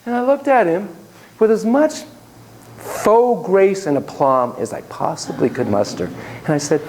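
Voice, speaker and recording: A man who is a psychologist telling a story to students in a lecture, animated and joking, with frequent laughs. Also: on the high side, normal speed, slight background noise.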